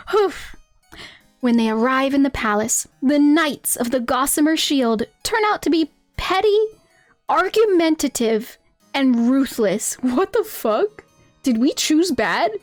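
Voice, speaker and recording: A woman's voice: sits high, dry recording. A woman streamer chatting casually with her viewers during a game, giggling constantly and reacting playfully. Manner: giggly, laughs constantly between lines.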